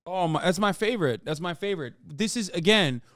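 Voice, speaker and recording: A man's voice: high voice, lively intonation, a little fast, fairly bright tone, no echo, clean studio sound. A man hosting a casual reaction stream, talking heatedly and profanely, his voice climbing when outraged. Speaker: streamer host.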